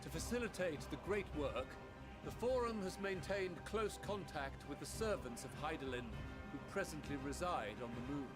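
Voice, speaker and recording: An actor playing a solemn male official who speaks in a formal, measured way. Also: on the high side, lightly acted. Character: solemn male official revealing a grave secret. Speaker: game character. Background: game music.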